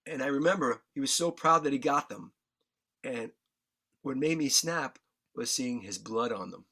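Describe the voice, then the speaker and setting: A New York guest musician speaks at a moderate pace in a mid-range voice that's animated, husky, pushed and bright, with vocal fry. He tells his story emotionally and candidly, swearing freely, audibly choked up and earnest.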